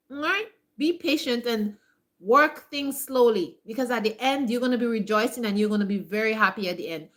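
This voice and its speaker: A homesteading vlogger gives her viewers a casual pep talk in a bright, fairly high voice. She's emphatic and repeats herself, leaning on fillers like "like," and she acts out other people's voices in quick asides.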